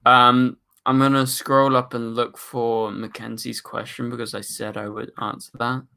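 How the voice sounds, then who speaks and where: A man's voice: medium pitch, little pitch movement, moderate pace, vocal fry, bright, forceful tone, clean tone. A young man hosting a casual livestream, reading chat questions aloud and rambling through his answers with plenty of fillers. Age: young adult. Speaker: livestream host.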